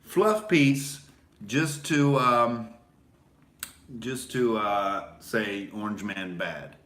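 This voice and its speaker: Sarcastic comedian guy rambling on his podcast, slow, kinda low voice, echoey room. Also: sharp tone. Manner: rambling and sarcastic, many fillers. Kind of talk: casual comedic monologue. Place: small home recording setup.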